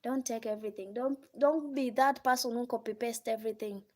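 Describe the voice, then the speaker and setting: A woman's voice: fairly high pitch, steady tone, a little fast, darkish tone. A woman with a Kenyan accent giving relationship advice on a live stream, scolding and asking rhetorical questions. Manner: scolding, rhetorical, mimics others' voices. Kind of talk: casual live-stream monologue.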